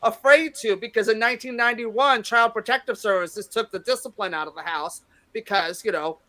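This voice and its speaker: Woman stand-up in her 50s, bright forceful voice, brash and foul-mouthed, acts out her stories. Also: on the high side, brisk. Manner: brash, profane, acts out quotes loudly. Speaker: stand-up comedian, guest. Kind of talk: casual interview storytelling.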